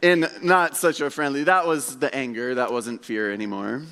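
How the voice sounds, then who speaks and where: A man's voice: mid-range voice, steady tone, normal speed, sharp tone, smooth. Male pastor preaching in a reverberant church. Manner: conversational storytelling, self-deprecating humor. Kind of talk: sermon. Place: church sanctuary. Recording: long hall reverb.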